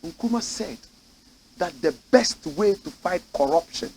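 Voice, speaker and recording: A man with a Ghanaian English accent, a host delivering impassioned political commentary in a studio, swinging between shouting and low muttering. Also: expressive, unhurried, husky, low-quality recording. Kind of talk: impassioned talk-show commentary.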